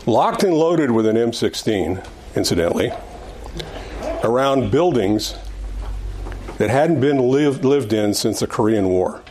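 Older man, Bible class teacher, conversational, emphatic on key points, mid-pitched voice, faint background hiss. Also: animated, unhurried, long pauses, darkish tone. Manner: conversational, repeats phrases and restarts. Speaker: Sunday school teacher. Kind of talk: Bible lesson. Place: church classroom.

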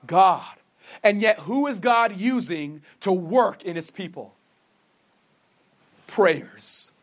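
Male pastor preaching, high voice, earnest, rhetorical questions, stumbles and restarts. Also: animated, slow pace. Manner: earnest, asks rhetorical questions and answers them himself; says he stutters, with frequent restarts. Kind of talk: sermon.

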